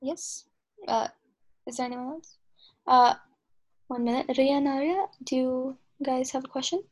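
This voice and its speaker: A woman teaching an online language class, slowly drilling syllables and calling on students over a video call. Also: high voice, darkish tone. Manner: patient, slow, drills sounds syllable by syllable.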